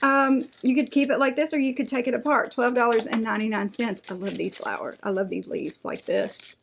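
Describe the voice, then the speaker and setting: A woman's voice: fairly high pitch, fairly quick, creaky, a bit bright, a little hiss or hum. Gushing woman unboxing crafts. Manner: gushing, enthusiastic, reads out prices. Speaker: unboxing vlogger. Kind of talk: casual unboxing chat.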